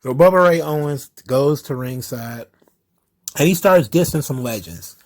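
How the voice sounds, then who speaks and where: A man's voice: mid-range voice, measured pace, darkish tone. A man hosting a casual solo wrestling commentary show, ranting sarcastically and cursing often.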